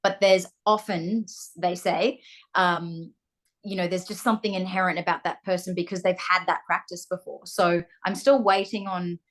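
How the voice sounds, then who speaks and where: A young woman with an Australian accent, chatting as an interview guest and often pausing with ums and restarts. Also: on the low side, fairly even intonation. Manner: hesitant, restarts, frequent ums. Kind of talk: casual interview chat.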